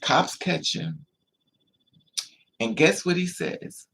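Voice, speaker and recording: Vlogger, male, a little higher-pitched, gravelly and husky; animated storyteller who acts out the other people in his story. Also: a little slow, long pauses. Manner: repetitive, emphatic. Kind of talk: storytelling monologue.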